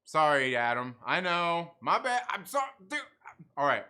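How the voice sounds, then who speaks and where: A man's voice: fairly high pitch, big pitch swings, normal speed, sharp tone. A man hosting a casual livestream who reads out chat comments, laughs often and banters with viewers. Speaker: livestream host.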